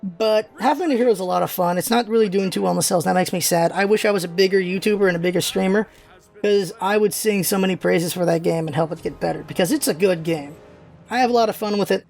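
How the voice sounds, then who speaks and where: A man's voice: high voice, fast talker, creaky, darkish tone, faint music behind. A man hosting a casual vlog, rambling loosely with many fillers and restarts. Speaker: vlog host. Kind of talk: casual chat.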